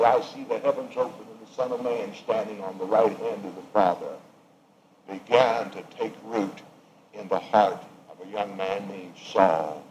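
A man preaching a sermon, swinging from raised emphatic lines to hushed, quiet ones. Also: lowish voice, slight background noise, rough recording.

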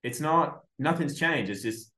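A man hosting a podcast, talking in a blunt, profane, animated way in casual chat. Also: a little high, a little slow, reverberant. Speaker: podcast host.

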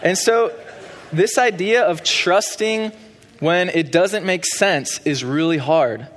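A young pastor preaches slowly in a church sanctuary, his voice sitting high. His delivery is conversational and full of fillers, and the recording has long hall reverb.

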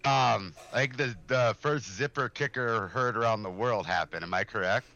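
A man co-hosting a podcast in casual, joking chat, quick to laugh. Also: mid-range voice, bright, forceful tone, lo-fi sound. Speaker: podcast co-host.

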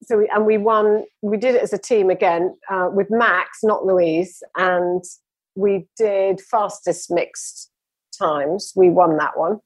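A woman's voice: medium pitch, steady tone, takes it slowly, breathy edge, no room sound. A woman telling her running story with enthusiasm, rambling a little as a guest in a conversation. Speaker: interview guest.

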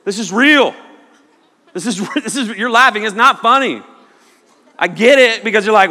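A man preaching a sermon, telling a personal story in an animated way and sometimes shouting quoted lines. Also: high voice, moderate pace, pauses often. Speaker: pastor. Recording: long hall reverb.

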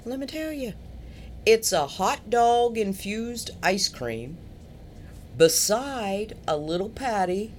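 A woman co-hosting a casual podcast, playful and quick to laugh. Her pitch swoops around in a lively way as she sets up each clip. Faint noise sits behind her voice. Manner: animated and playful, laughs often. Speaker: podcast co-host presenting clips.

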